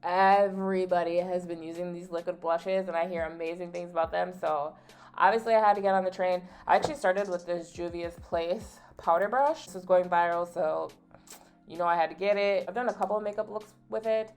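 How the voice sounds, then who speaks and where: A woman's voice: fairly low pitch, brisk, a little mellow, clean tone, soft background music. A young adult woman vlogging a casual get-ready-with-me chat, candid and full of "like", telling stories with playful indignation. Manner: chatty and candid, peppered with "like". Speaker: beauty vlogger.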